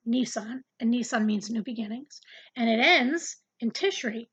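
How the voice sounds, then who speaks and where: A woman's voice: fairly high pitch, moderate pace, a bit bright, breathy edge, dull audio. A woman giving a casual, earnest Bible study lesson, talking conversationally and often repeating words as she searches for the next thought. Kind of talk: casual Bible teaching to camera.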